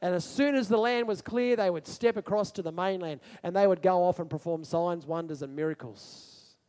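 A male preacher giving a sermon in an animated storytelling manner, asking his congregation questions. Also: high voice, normal speed, big-room sound.

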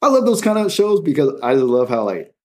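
A man's voice: on the high side, very animated, fairly quick, dark tone. A man talking in a casual, rambling and jokey way as a podcast guest. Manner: rambling, jokey, drops into mock voices. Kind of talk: casual chat.

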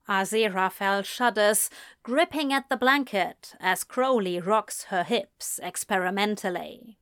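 A woman reading erotic fiction aloud in a slow, breathy, intimate way. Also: medium pitch, expressive, a bit bright, no room sound, clean studio sound. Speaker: narrator.

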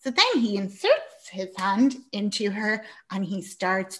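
A woman's voice: mid-range voice, very animated, unhurried, fairly bright tone. Sweary woman recapping a film. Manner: chatty and sweary, acting out quoted lines. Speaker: podcast host. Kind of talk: casual chat retelling a film.

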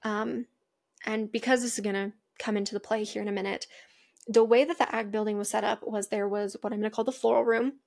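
A woman's voice: medium pitch, vocal fry, darkish tone. A young adult woman hosting a podcast, telling a personal story in a chatty way with lots of asides. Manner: chatty, with frequent "like" and "mind you" asides. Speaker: podcast host.

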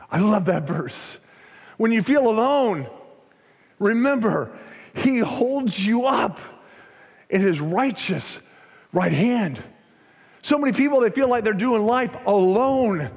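An older man preaching a sermon, swinging between loud emphatic lines and hushed, low phrases. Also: lively intonation, slow, pauses often. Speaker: pastor. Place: large church sanctuary. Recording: long hall reverb.

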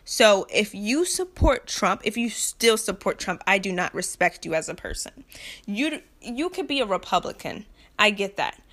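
A woman's voice: mid-range voice, lively intonation, moderate pace, a bit bright. A young woman from the United States delivering an impassioned, frustrated rant to camera, blunt and repetitive, with nervous laughs between points. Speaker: vlogger.

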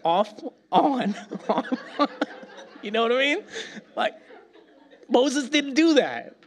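A man preaching a casual, animated sermon, laughing often and acting out little dialogues. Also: extremely high pitch, takes it slowly. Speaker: pastor.

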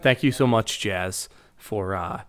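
A man's voice: lowish voice, slow, a bit bright, smooth. A man with a Boston accent, co-hosting a podcast and sharing casually in a recovery-meeting style, rambling with many fillers and restarts. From Boston, Massachusetts. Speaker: podcast co-host.

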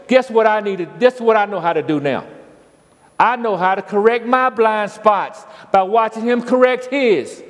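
A man's voice: sits high, normal speed. A man preaching a sermon as pastor, folksy, calling out to the congregation. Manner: call-and-response preaching, folksy. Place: church sanctuary. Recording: long church reverb.

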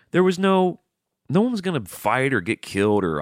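A man's voice: mid-range voice, fast talker, no echo, clean studio sound. A middle-aged man from the American South with a Southern accent, telling stories in a casual, profane, rambling monologue as a podcast host. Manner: rambling, profane, animated storytelling.

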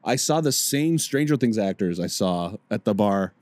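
A man co-hosting a podcast, chatting casually and telling loud, playful bar stories. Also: on the low side, expressive, normal speed, no room sound. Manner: loud, playful storyteller acting out bar encounters. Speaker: podcast co-host. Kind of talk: casual chat.

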